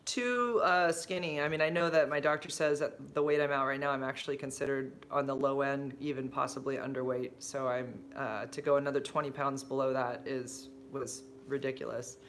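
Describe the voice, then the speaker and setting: A woman's voice: rumbling low, fairly even intonation, fairly quick, few pauses, slight background noise. A middle-aged woman hosting a casual livestream, answering viewer comments in a rambling, chatty way with many fillers and restarts. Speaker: livestream host.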